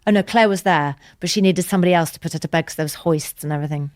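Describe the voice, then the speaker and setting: A woman's voice: fairly low pitch, very fast, dry recording, studio quality. Tender woman telling her story. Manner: earnest, tender, drops to soft whispers at times. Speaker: podcast guest. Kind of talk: emotional personal storytelling.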